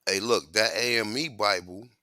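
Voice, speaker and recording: Bright-voiced man telling slangy stories. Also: lowish voice, moderate pace, dry recording. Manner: animated, slangy, profane storytelling. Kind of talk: casual chat.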